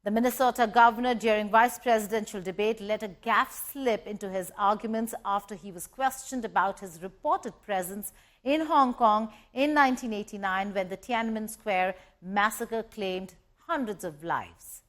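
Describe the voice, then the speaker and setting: A woman hosting a news feature, narrating with lively asides. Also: mid-range voice, moderate pace. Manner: lively narration broken by laughter. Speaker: news host.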